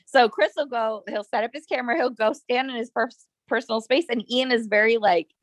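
A woman's voice: a little high, fairly quick, no room sound. Chatty young woman, dry close sound. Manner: chatty, lots of "like", acts out quotes. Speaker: podcast co-host. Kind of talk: casual chat.

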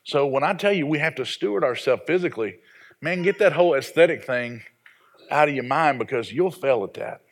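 A man's voice: fairly high pitch, lively intonation, a little fast. A man in his forties from the American South, a pastor preaching a sermon in a folksy, self-deprecating storytelling way. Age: 40s.

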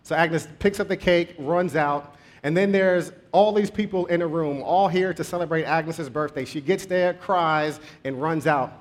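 A male preacher tells a story in his sermon, in a conversational tone. His voice is a bit high for a man. He speeds up and slows down to shape the story. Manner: conversational, with shifting pace.

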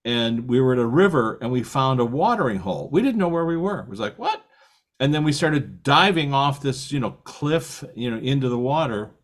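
A man's voice: mid-range voice, animated, fairly quick, few pauses. Older male podcast host, rambling storyteller, laughs often. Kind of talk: casual conversation.

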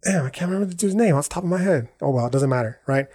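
His voice is a little high, husky and somewhat mellow, with lively intonation and rapid-fire delivery. He's a podcast host rambling casually in slang and profanity, fixing his own phrasing and checking in with "right?" and "dog."

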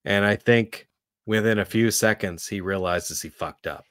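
A man's voice: lowish voice, normal speed, fairly bright tone, no echo, studio quality. A man co-hosting a film podcast, rambling casually, swearing and acting out scenes as he retells them. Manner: rambling, profane, acts out scenes. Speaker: podcast co-host. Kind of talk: casual chat.

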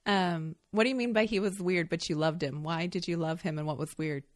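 Host, woman, fairly low voice, attentive interviewer who clarifies for listeners. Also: brisk. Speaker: podcast host. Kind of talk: interviewing, casual chat.

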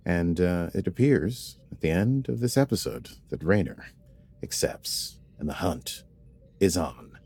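A man's voice: deep voice, expressive, a little slow, darkish tone, slightly rough, faint music behind. A man co-hosting a podcast, chatting casually about a TV episode in a playful, rambling way, full of asides and self-corrections. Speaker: podcast co-host.

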